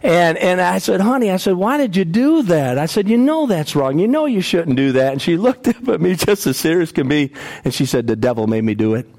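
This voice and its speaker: A man's voice: high voice, big pitch swings, brisk, creaky, a little mellow. A man preaching a sermon, telling personal stories earnestly and often repeating and restarting his words.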